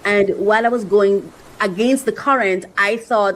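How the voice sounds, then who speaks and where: A woman's voice: medium pitch, normal speed, hardly any pauses, a bit bright, low-quality recording. Earnest woman host reflecting aloud. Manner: earnest, repeats phrases for emphasis. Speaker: host reacting to clips. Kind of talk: reflective faith-based monologue.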